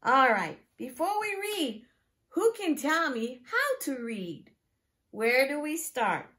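A woman teacher reading a picture book aloud to preschoolers, asking them questions in an exaggerated, animated way. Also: sits high, takes it slowly.

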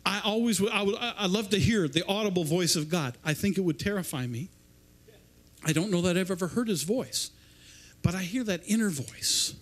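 A male preacher with a notably high voice. He speaks loosely and conversationally, stumbling over and repeating his words as he goes. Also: moderate pace. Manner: rambling, repeats and restarts words. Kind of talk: informal sermon. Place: church service.

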